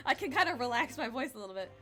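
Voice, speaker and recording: A bright-voiced woman streams a story game from her home setup, tossing in quick asides and frequent giggles. Faint music sits softly underneath her chatter. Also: a little high, very animated. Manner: giggly and chatty, breaking into laughs. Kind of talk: casual let's-play commentary with read-aloud dialogue.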